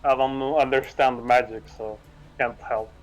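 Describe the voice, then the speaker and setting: A man playing a tabletop game, giving blunt, deadpan short replies in casual banter. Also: medium pitch, moderate pace, soft background music, low-quality recording. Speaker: player.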